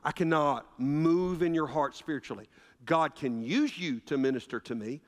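Male pastor, high and animated delivery, hall reverb. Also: moderate pace. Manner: preaching with rhetorical questions, swings between loud and hushed. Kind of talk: sermon. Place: church sanctuary. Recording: long reverb of a church sanctuary.

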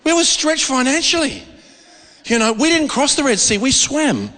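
Aussie preacher guy, high lively voice, laughs a lot, big echoey church. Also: normal speed, slight background noise. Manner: storytelling, laughing often, excitable. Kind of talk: sermon.

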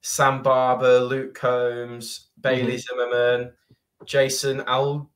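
A man's voice: mid-range voice, completely flat delivery, takes it slowly. A man with a British accent, a podcast guest in casual chat who rattles off long lists and giggles through his stories. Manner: lists things loosely, giggly when telling stories. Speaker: podcast guest, racing driver.

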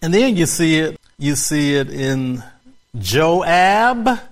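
A man delivering a sermon at a slow, deliberate pace. His voice sits a little high, and he drives each point home by repeating it. He breaks into joyful laughter along the way. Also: lively intonation. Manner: repetitive, emphatic, bursts into laughter. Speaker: pastor.

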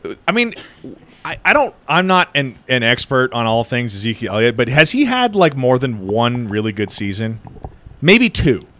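A man chatting casually about sports, animated and teasing. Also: medium pitch, normal speed, dry recording.

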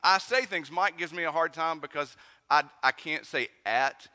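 A man's voice: on the high side, moderate pace, bright, forceful tone. A man with an East Tennessee Southern accent, preaching a conversational sermon full of questions to his congregation. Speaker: pastor. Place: church sanctuary. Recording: long reverb of a church hall.

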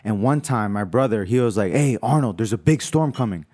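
A man's voice: on the low side, fairly quick. Casual, profane young man storyteller. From New York. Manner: animated, profane storytelling with lots of fillers. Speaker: storyteller in a group chat. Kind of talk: casual chat.

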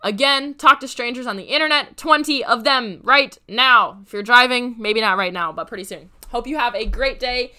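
A woman hosts her own podcast, speaking in a bright, forceful voice that sits a little high. Her voice is raspy and hoarse. She talks with energy and drives each point home by repeating it. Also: moderate pace, few pauses. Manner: energetic, direct, repeats for emphasis. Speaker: podcast host. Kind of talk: solo podcast, upbeat motivational talk.

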